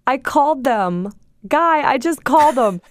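A middle-aged woman telling her founder story in an interview, lively and anecdotal. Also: high voice, a little slow. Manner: lively anecdotal storytelling, quotes herself and others. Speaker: guest, company founder.

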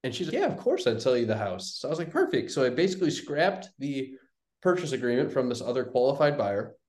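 A fast talker with a mid-range voice, this young real estate investor guests on an interview show, telling a casual, animated story in which he acts out every quoted exchange. Echo fills the roomy recording.

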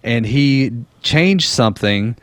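A man's voice: mid-range voice, expressive, slow pace, fairly bright tone, dry recording. Joking man in casual chat. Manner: joking, laughs often, explains theories. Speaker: podcast co-host.

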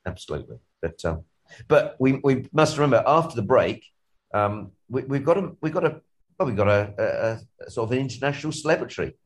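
A man's voice: mid-range voice, big pitch swings, fairly quick. A man co-hosting a podcast, chatting in a rambling, jokey way with lots of ums and restarts. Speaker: co-host. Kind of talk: casual podcast chat.

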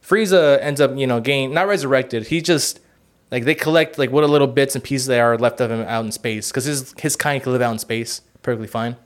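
A man's voice: mid-range voice, fairly quick. A man in casual podcast chat. He rambles and swears, filling his speech with "like" and "you know". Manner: rambling, profane, heavy use of "like" and "you know". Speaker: podcast co-host.

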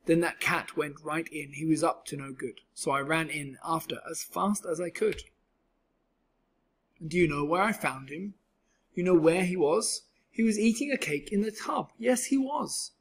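Husky man reading a rhyming kids' book. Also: fairly high pitch. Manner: rhythmic, expressive. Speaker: storyteller. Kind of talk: reading a children's book aloud.

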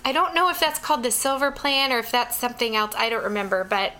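Woman co-host, young-sounding girlish voice, bright and crisp, giggly and casual. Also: on the high side, quick pace. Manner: giggly, relaxed. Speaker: podcast co-host. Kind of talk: casual chat.

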